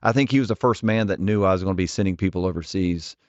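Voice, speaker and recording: Earnest low-voiced man guest. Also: fast, a little mellow, dry recording, dull audio. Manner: earnest, direct, frequent restarts. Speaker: ministry leader, podcast guest. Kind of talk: conversational interview storytelling.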